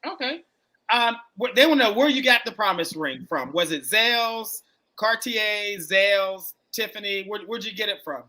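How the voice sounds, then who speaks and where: A man hosting a live-streamed dating interview, chatty and quick to react, repeating the guest's answers back to him over a video call. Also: high-pitched, lively intonation, sharp tone. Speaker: dating coach and show host.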